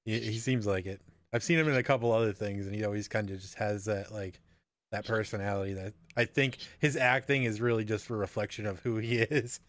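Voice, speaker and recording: A man hosting a casual chat, relaxed and laughing often. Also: fairly low pitch, brisk, no room sound, studio quality. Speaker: podcast host.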